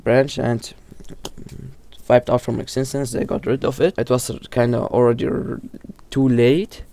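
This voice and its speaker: Here a man walks through horror lore in a loose, casual way, tripping over words, starting over, fixing what he said, and filling gaps with lots of fillers. His medium-pitched voice is creaky and mellow, delivered flatly and without hurry, with no echo in the recording.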